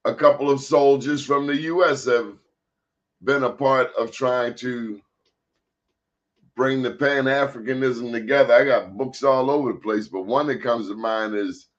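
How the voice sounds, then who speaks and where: A man hosting a talk show, telling stories in a casual, colloquial, animated way. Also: medium pitch, unhurried. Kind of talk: casual storytelling chat. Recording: dull lo-fi sound.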